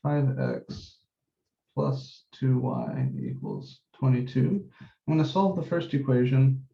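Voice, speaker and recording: A man teaching a math class, working through each step methodically and repeating the key points, slowing down on the numbers as he writes. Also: mid-range voice, wildly swooping pitch, creaky. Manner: methodical, repeats key steps, says numbers slowly while writing. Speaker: math instructor. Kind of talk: classroom lecture. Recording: dull echoey classroom recording.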